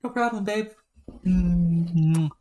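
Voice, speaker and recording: A woman streaming a webcomic read-aloud, talking in a relaxed, rambling way with many fillers. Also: on the low side, slow.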